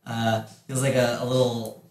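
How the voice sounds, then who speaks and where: A man narrating as game master in a casual tabletop session, pausing with many fillers as he describes the action. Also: mid-range voice, flat delivery, a little mellow. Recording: echoey room with faint background noise.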